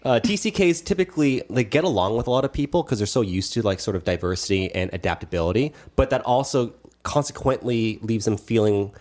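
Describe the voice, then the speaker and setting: A man's voice: medium pitch, animated, fairly quick, a little mellow. A man hosting a podcast, asking loose and joking questions in casual conversation. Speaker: podcast host.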